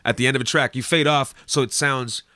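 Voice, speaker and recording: A man's voice: medium pitch, fairly even intonation, a little fast, bright, forceful tone, no room sound, clean studio sound. A man teaching singing and rapping, breaking into sung notes and rap lines to show each point. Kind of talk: vocal lesson with sung examples.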